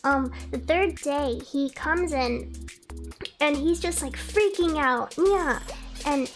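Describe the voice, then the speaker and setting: High-voiced young woman streamer rambling. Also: slow pace, soft background music. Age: young adult. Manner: rambling, chatty, breaks off to thank chat. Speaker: VTuber streamer. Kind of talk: casual livestream storytelling.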